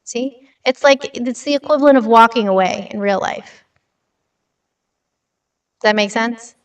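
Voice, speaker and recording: A woman with a slightly high voice speaks at a measured pace while hosting an informal livestream. She's chatty and blunt, reading the news out loud and reacting to messages from chat, recorded a bit distantly with light reverb.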